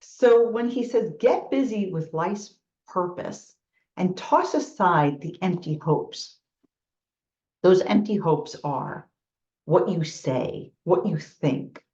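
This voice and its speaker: A woman's voice: on the low side, lively intonation, slow, mellow. A middle-aged woman from New York with a New York accent, giving a motivational talk and acting out quoted thoughts as she tells stories. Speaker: motivational speaker. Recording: echoey room, dull lo-fi sound.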